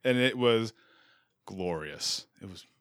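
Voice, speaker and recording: A man in his thirties hosting a podcast, chatting casually with quick self-deprecating jokes. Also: lowish voice, dry recording, studio quality. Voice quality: animated, jokey, self-deprecating. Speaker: podcast host. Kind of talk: casual chat.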